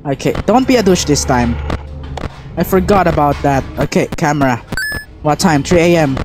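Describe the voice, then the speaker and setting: A man's voice: on the high side, animated, moderate pace. A man commentating his horror game run, frantic, panicky and swearing constantly. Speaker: gameplay streamer. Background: game music.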